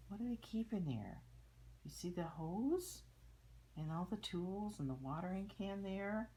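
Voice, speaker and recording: An older woman reading a children's picture book aloud, chatting gently about the pictures and sometimes dropping to a whisper. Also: lowish voice, slight background noise.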